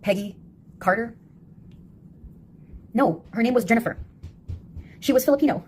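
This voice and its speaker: A woman's voice: a little high, moderate pace, darkish tone, a little hiss or hum. A woman with a sardonic, mocking manner, delivering a casual monologue.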